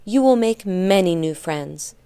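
A woman voicing a gentle, loving grandfather who reassures his grandson. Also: on the low side, lively intonation, a little slow, clear, resonant tone, no room sound. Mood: reassuring.

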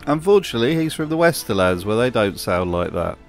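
A man's voice: mid-range voice, sing-song, fairly quick, faint music behind. A man narrating a scripted commentary video with a dry, sardonic manner.

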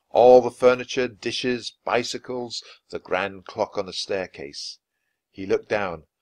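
A man reading a children's book aloud, with expressive, lively narration. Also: sits low, no room sound. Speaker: storyteller.

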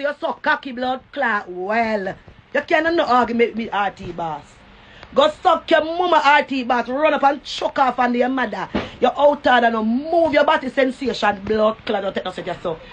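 A Jamaican woman ranting on a phone live stream, full of profanity and taunts that keep repeating. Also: high voice. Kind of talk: cussing rant on a live stream.

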